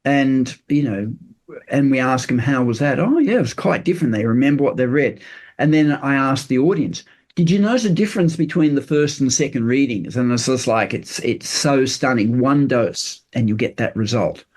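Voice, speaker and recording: An older man, a podcast guest talking earnestly in a loose, explanatory way, often pausing on fillers and restarting sentences. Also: mid-range voice, darkish tone. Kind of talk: casual interview chat.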